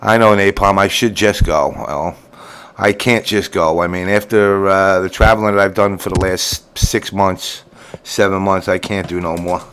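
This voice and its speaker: A man's voice: low voice, fairly even intonation, moderate pace, a bit bright, a little hiss or hum. A man hosting a casual online show, tired from lack of sleep, teasing and crude with his guests over a voice call. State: sleep-deprived. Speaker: show host.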